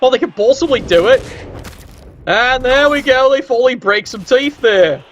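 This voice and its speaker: A man's voice: very high voice, lively intonation, normal speed, fairly bright tone, slight background noise. A man giving casual, wry commentary on a video game match and teasing the players. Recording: dull lo-fi recording.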